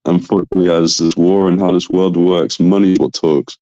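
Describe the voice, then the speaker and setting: A man's voice: low-pitched, steady tone, a little fast, dark tone, dry recording, dull audio. A man from southern England with a southern English accent, a volunteer soldier, chatting in an easygoing, upbeat way. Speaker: British volunteer soldier in Ukraine. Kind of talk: casual chat on a live stream.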